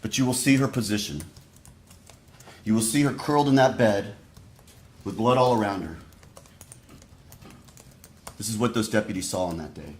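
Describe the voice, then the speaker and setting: A man giving a prosecutor's opening statement to a jury, speaking deliberately and straight to the jurors. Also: lowish voice. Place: courtroom. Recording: echoey courtroom audio.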